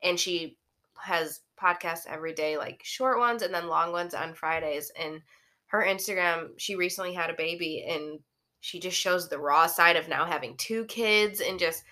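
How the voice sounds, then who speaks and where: A woman's voice: on the low side, moderate pace, bright, forceful tone. A woman hosting a podcast, talking in a chatty, playful way with lots of "like" fillers. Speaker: podcast host. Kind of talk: casual podcast chat.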